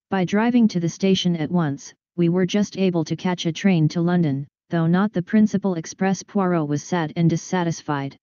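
Low, mellow woman narrating a story. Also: normal speed, few pauses, no room sound. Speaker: audiobook reader. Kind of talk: scripted narration of a detective story. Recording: dull lo-fi, dry recording.

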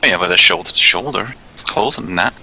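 A man's voice: low-pitched, quick pace, sharp tone, slightly rough, rough recording. A man playing a tabletop game, hesitant and asking about the rules. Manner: hesitant, asks rules questions. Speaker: player. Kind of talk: casual tabletop play.

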